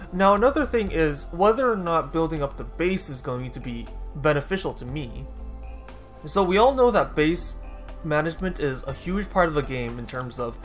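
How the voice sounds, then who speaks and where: A man giving casual, rambling commentary over his own gameplay, often correcting himself and dropping dry sarcastic asides. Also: mid-range voice. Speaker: gaming YouTuber.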